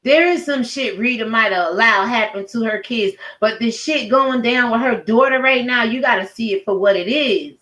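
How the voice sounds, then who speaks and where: A woman's voice: fairly high pitch, normal speed, hardly any pauses, fairly bright tone, rough recording. A woman giving a heated, profane rant as a YouTube commentator, speaking emphatically. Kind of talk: angry rant to camera.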